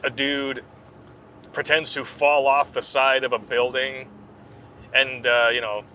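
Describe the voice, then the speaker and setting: A man's voice: medium pitch, flat delivery, takes it slowly, pushed and bright, slight background noise, rough recording. A man hosting a podcast, chatting casually and jokingly with rambling asides. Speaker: podcast host. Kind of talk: casual comedic banter.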